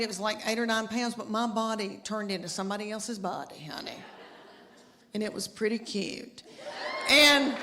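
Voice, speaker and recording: A woman's voice: on the high side, bright, forceful tone. A middle-aged woman telling stand-up comedy stories in a chatty, self-mocking way, with folksy asides to the crowd. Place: stage before a live audience. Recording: live stage recording with long reverb.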